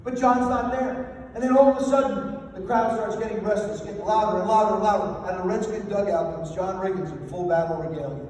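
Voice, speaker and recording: Older man, after-dinner speaker, high mellow voice, self-deprecating anecdotes, echoey banquet hall heard from far off. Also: fairly even intonation, fairly quick, slight background noise. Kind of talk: humorous motivational speech.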